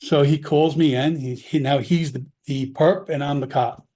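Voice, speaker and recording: A man's voice: a little high, steady tone, moderate pace, warm tone. A man, a former police officer, telling stories from his career in casual conversation. He talks candidly, often restarting his sentences and acting out the dialogue. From Long Island, New York. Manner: candid, rambling, with frequent restarts and quoted dialogue. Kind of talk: casual storytelling.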